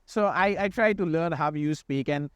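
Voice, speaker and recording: A young man from India with an Indian English accent softened toward American, talking earnestly in a casual podcast conversation. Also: fairly high pitch, normal speed, clean tone, no room sound, studio quality. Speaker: podcast co-host.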